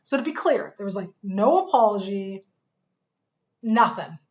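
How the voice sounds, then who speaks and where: An earnest woman narrates a personal story for a course, speaking in a measured way and pausing often. Her voice sits at an ordinary middle pitch. The recording sounds a little dull and muffled. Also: expressive. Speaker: fitness coach course instructor.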